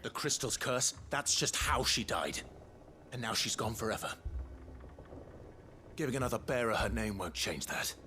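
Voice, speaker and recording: An actor playing a grave male swordsman hero in a video game, speaking quietly and reproachfully. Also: mid-range voice, lively intonation, moderate pace, pauses often, a little hiss or hum. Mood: stern, sorrowful.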